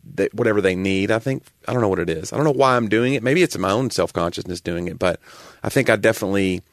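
A man's voice: on the low side, quick pace, no echo, studio quality. A man with a light Southern accent, a comedian hosting a casual podcast chat and ranting playfully about everyday habits. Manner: animated, ranting, builds to exasperated.

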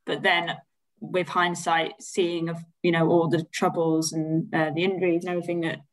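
A woman co-hosting a relaxed football podcast chat, rambling through her points with plenty of fillers and hedges. Her voice sits low and stays flat. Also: moderate pace, rough recording. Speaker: podcast co-host.

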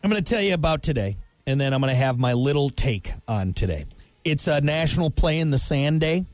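A man's voice: on the high side, lively intonation, brisk, a little mellow, no room sound, soft background music. A man in his thirties co-hosting a casual comedic chat show, joking and ranting with profanity. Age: 30s. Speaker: co-host.

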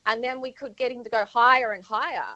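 A woman's voice: a little high, fairly even intonation, fast talker, bright, forceful tone, no echo. Woman, singing teacher, caller, polite, upbeat, dull phone line, dry. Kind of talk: phone call on radio.

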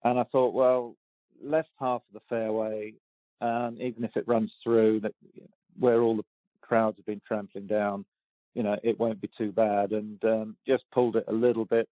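A man in his sixties with a lowish voice telling stories in an interview, hesitant with frequent ums and restarts. He comes through a tinny phone line that sounds dry and close. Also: little pitch movement, moderate pace, no echo. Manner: hesitant, lots of ums and restarts, laughs easily. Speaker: golf champion guest. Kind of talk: relaxed storytelling interview.

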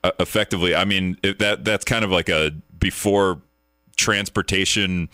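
A man's voice: low-pitched, steady tone, moderate pace, pushed and bright, clear, resonant tone, dry recording, studio quality. A male radio talk show host chatting casually, rambling and joking, a little out of breath.

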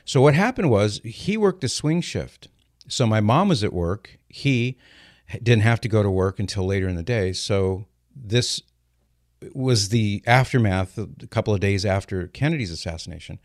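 Older male radio host, animated storyteller, lowish voice, dry close mic. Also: normal speed, no echo. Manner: lively storyteller, explains step by step. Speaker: radio host answering callers. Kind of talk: call-in radio talk.

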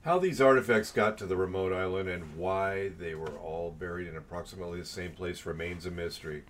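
A man's voice: deep voice, steady tone, fairly quick, slight background noise. A man co-hosting a podcast, reading history aloud with dry joking asides. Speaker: podcast co-host. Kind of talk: casual chat and reading aloud.

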